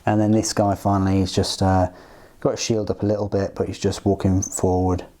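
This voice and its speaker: A man giving an unscripted hobby review, talking in a halting, hesitant way as he thinks aloud. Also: deep voice, level tone, dark tone. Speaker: miniatures reviewer.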